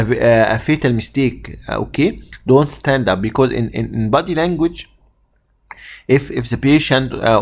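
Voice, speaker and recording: Man, Egyptian accent, Arabic native speaker, exam tutor, hesitant delivery, lots of fillers, mid-pitched voice. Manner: hesitant, many fillers and restarts. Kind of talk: spoken lesson.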